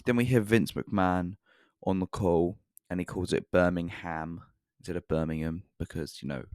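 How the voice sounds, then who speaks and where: British man, deep voice, dry close recording, casual review, sarcastic asides. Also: a little mellow, no room sound. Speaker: wrestling reviewer.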